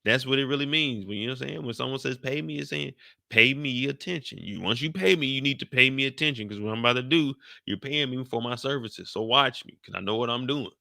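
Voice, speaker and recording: A man's voice: medium pitch, quick pace, vocal fry, hardly any pauses, pushed and bright, dry recording, studio quality. A man giving loose, joking, slang-filled commentary after a TV episode. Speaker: show commentator. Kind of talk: casual after-show commentary.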